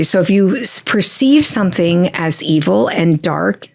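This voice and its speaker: A middle-aged woman with a somewhat low voice talks through spiritual ideas in a calm, explanatory manner. She stresses her key points and speaks steadily in an unhurried interview style. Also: creaky. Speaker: medium, guest. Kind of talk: conversational interview.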